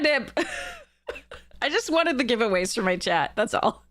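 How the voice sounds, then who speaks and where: A woman streamer and content creator chats casually on a live stream, bubbly and giggly, rambling with frequent laughter, many fillers, and restarts. Her voice sits high and is a bit bright, swooping wildly in pitch at a slow pace.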